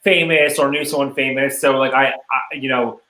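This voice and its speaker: A man's voice: mid-range voice, steady tone, moderate pace, sharp tone. A man co-hosting a podcast over a video call, chatting in a casual, agreeable way. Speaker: co-host. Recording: echoey room with faint noise.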